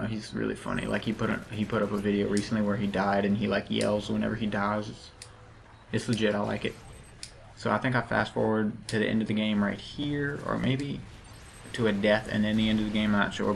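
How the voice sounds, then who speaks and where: A man's voice: on the low side, little pitch movement, fairly quick, creaky, a little hiss or hum. A man with a lisp giving rambling, casual commentary over his gameplay, full of fillers and restarts.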